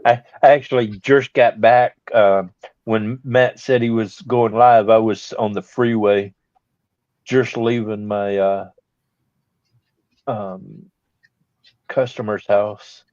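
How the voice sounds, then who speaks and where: A man's voice: fairly low pitch, steady tone, takes it slowly, pauses often, darkish tone, no echo. Rambling storyteller man, dull audio. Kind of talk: casual storytelling chat. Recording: dull lo-fi live stream audio.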